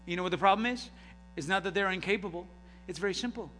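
A middle-aged male pastor preaching a sermon, passionate and building to loud, emphatic peaks. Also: sits high, quick pace, in a large hall, a little hiss or hum. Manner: impassioned, rising to shouts. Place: church sanctuary.

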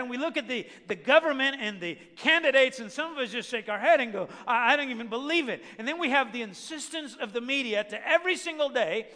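High, bright-voiced man preaching. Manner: preaching with rising emphasis, rhetorical questions. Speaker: pastor. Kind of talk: sermon. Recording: long hall reverb.

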